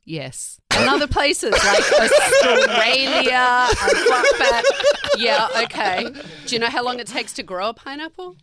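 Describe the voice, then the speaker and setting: A woman's voice: a little high, big pitch swings, measured pace, heavy background noise. A woman guest chatting casually on a talk show, wry and teasing. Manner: wry, teasing, laughs often. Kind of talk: casual chat.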